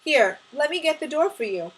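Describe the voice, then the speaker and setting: A woman's voice: high voice, very animated, moderate pace, voice pushed up, poor audio. A woman reading a cocky, teasing young man. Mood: friendly. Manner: cool, teasing banter. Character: cocky young male smoker neighbor, teasing.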